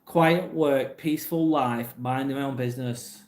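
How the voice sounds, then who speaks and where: A man's voice: medium pitch, measured pace. Blunt English man in an echoey room. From England. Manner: blunt, plain-spoken, swears casually. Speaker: livestream host reading chat. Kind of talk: casual live chat.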